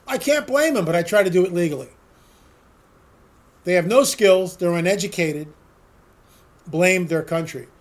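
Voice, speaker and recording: High-voiced man ranting sarcastically. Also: moderate pace, pauses often. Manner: emphatic, sarcastic, fires off rhetorical questions. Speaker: political talk host. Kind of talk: opinion monologue.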